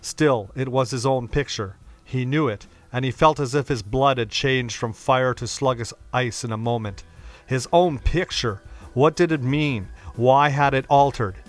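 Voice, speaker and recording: A man reading a classic novel aloud as narrator, in a steady, measured, dramatic way. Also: medium pitch, soft background music. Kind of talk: audiobook reading of classic fiction.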